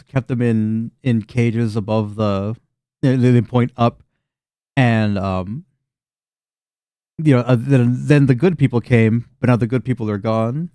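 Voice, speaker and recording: Mellow, smooth-voiced man running a game. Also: medium pitch, no room sound, studio quality. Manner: loose, rambling description with frequent restarts and fillers. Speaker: game master. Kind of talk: narrating a tabletop game.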